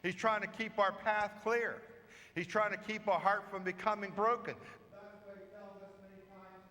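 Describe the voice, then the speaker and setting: A priest preaches a homily, telling a story at a slow, emphatic pace. His voice sits high for a man. A long church reverb trails after each line. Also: flat delivery, sharp tone. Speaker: parish priest. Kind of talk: sermon.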